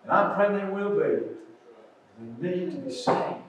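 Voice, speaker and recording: An older preacher delivers an earnest sermon, his high voice moving between loud pleading and quiet asides. He sounds far from the mic. A heavy church echo hangs around every word. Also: big pitch swings, a little slow. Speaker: pastor. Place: church sanctuary. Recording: echoey church sanctuary, distant mic.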